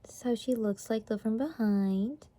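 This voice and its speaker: A young woman chatting casually in an unboxing vlog, gasping and gushing excitedly. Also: fairly high pitch, moderate pace, dry recording. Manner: gushing, gasping, excited over cute toys. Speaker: vlogger.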